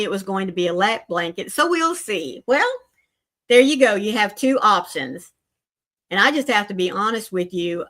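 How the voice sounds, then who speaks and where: An older woman hosting a casual crochet livestream, chatting warmly with viewers and greeting them by name. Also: medium pitch.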